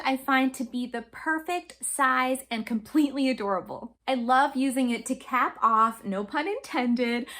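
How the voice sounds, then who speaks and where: A woman with a fairly high voice reads an upbeat product review. She sounds chatty and friendly and adds the odd light joke. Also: a bit bright.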